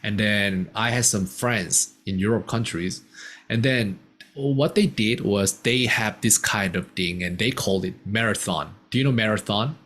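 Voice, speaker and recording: A man's voice: fairly low pitch, fairly bright tone. Man, English teacher, patient explanations, casual lesson, faint background noise. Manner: patient, explains simple words slowly.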